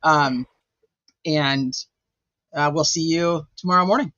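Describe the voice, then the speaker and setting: A man's voice: fairly high pitch, takes it slowly, bright, forceful tone, no room sound, muffled recording. A man hosting a casual livestream chat, rambling and chatty with lots of filler words. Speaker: host.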